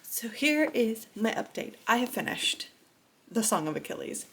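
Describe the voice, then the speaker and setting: A woman's voice: a little high, very animated, moderate pace, a bit bright, a little hiss or hum. A woman in her thirties talking casually in a reading vlog, chatty and gushing, with laughs and sighs. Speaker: book vlogger.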